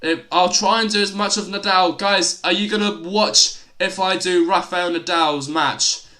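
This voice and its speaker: High, bright-voiced excitable young commentator. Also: male voice, measured pace. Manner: exclaims loudly at big points, casual chatty asides. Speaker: livestream tennis commentator. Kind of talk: excitable live play-by-play commentary.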